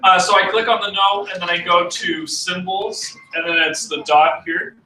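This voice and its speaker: A man's voice: high voice, steady tone, sharp tone, reverberant, far from the mic, a little hiss or hum, poor audio. A man teaching a music class to students, talking casually with fillers and false starts. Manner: casual, halting, with many fillers. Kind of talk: classroom demonstration.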